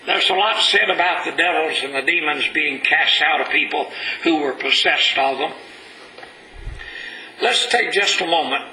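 Unhurried and deliberate, a male preacher reads scripture aloud with heavy emphasis, his high, very bright voice rising as he goes. Echo fills the church room, with a faint hiss beneath.

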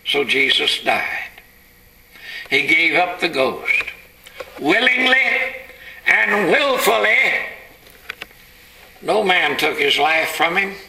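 A gravelly, bright-toned preacher man. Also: fairly high pitch, takes it slowly, slight background noise, poor audio. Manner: dramatic, rising to shouted climaxes. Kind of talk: dramatic sermon storytelling.

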